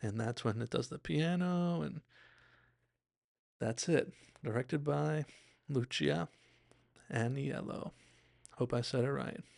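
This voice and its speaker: A man's voice: medium pitch, slow, vocal fry, pauses often, darkish tone, no room sound, clean studio sound. A man hosting a podcast, giving an enthusiastic, rambling and self-deprecating casual recap of a TV episode. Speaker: podcast host.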